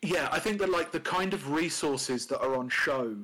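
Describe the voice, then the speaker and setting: A man's voice: on the high side, moderate pace, sharp tone, rough recording. A man co-hosting a casual podcast chat, rambling with many fillers and restarts, and swearing now and then. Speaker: podcast co-host.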